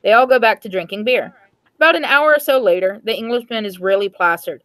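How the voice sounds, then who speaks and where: A woman's voice: mid-range voice, brisk, no room sound, poor audio. A woman reading jokes aloud to friends in a casual chat, giving the dialogue small changes of voice. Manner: lively joke-telling, dialogue read with small changes of voice. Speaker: host telling jokes.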